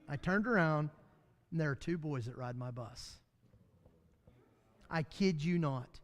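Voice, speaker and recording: A man's voice: a little high, unhurried, long pauses, dull audio. A man teaching a midweek Bible class in a folksy, storytelling way, with self-deprecating humor. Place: church classroom. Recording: long hall reverb.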